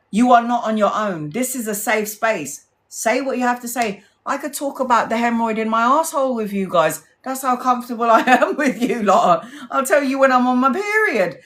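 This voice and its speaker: A woman's voice: a little high, fairly bright tone. A woman hosting a live tarot stream, talking to her viewers in an earnest, blunt and emotional way and swearing freely. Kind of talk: heartfelt casual live-stream chat.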